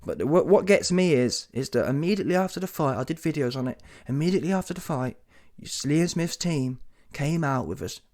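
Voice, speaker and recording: A British man gives a one-man commentary rant, slangy, combative and mocking. His voice sits a little above the usual male pitch, and he rattles along with plenty of energy. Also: lively intonation, fairly quick, hardly any pauses, a little mellow. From Britain. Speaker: boxing commentator. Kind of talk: solo opinion rant.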